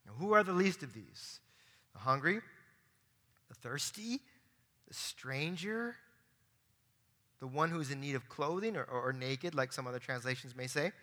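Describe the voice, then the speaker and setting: A man's voice: medium pitch, animated, normal speed, pauses often, sharp tone, long reverb tail. A man preaching a sermon as pastor, in an earnest, emphatic way, often repeating words as he works through a point.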